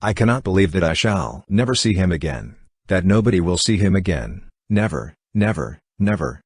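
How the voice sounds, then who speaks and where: A man's voice: sits low, big pitch swings, moderate pace, breathy edge, no room sound, studio quality, exaggerated voice. A man voicing a grieving young woman in an audiobook reading, with an earnest, mournful delivery.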